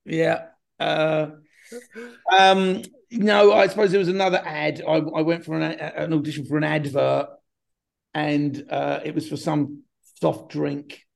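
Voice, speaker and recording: A man's voice: on the high side, flat delivery, unhurried, vocal fry. A middle-aged man, a film director guest, talking in a rambling, hesitant way. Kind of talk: casual interview chat.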